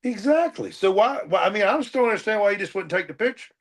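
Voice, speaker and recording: A man with a fairly high voice co-hosts a podcast. He chimes in with short, joking replies that back up the story in casual chat. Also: lively intonation, fast talker. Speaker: podcast co-host.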